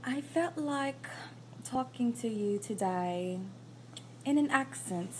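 A woman putting on a posh British accent in a casual phone vlog, speaking slowly in a mock-prim manner. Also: fairly high pitch, animated, a little mellow, slight background noise, voice pushed down. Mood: amused. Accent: put-on British. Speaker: vlogger. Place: at work, on a break.

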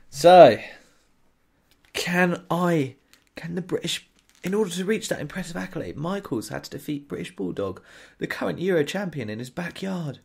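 A man casually chatting and joking while playing a wrestling video game, often shouting at the screen. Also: fairly high pitch, moderate pace, creaky, breathy edge. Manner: excitable, jokey, shouting at the game. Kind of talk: casual let's-play chat.

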